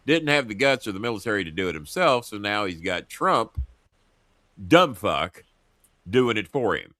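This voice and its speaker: Guy hosting his own show, swears a lot, voice jumps all over, bright and dry sounding. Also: fairly low pitch, moderate pace, dry recording. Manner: profane, animated storytelling. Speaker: show host. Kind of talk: casual political chat. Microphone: earpiece headset.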